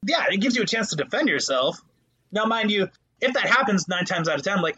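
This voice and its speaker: Male podcast co-host, husky and bright, animated and foul-mouthed storyteller. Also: high-pitched, brisk, highs cut off. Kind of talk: casual podcast chat.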